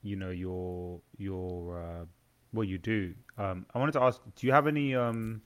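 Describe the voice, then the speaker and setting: A man hosting a casual podcast, asking questions in a halting way, often restarting and trailing off. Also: deep voice. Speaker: podcast host.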